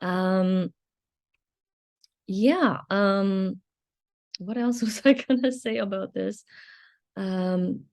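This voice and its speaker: A woman talks through a reflective solo podcast at a middle pitch. She pauses often, filling gaps with ums and restarting her sentences as she thinks aloud. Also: a little mellow. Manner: hesitant, many ums and restarts. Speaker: podcast host.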